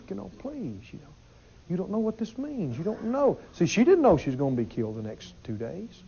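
A preacher with a high, lively voice gives an emphatic sermon, repeating himself and putting questions to the congregation. The audio is dull and lo-fi.

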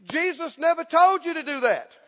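A man preaches with fervor in a very high voice, swinging between hushed, whining imitations of someone begging and loud, bold proclamations. His voice rings through a church hall with a long reverb tail. The recording sounds muffled and lo-fi. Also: lively intonation, normal speed. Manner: impassioned, mimics pleading beggars in a whimper. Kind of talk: sermon.

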